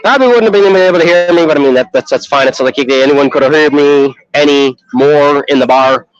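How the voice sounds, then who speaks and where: A man's voice: a little high, fast talker, no room sound. A man from Chicago streaming from an outdoor festival on his phone, rambling in casual, profane chat and laughing often. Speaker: live streamer. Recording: dull lo-fi phone audio.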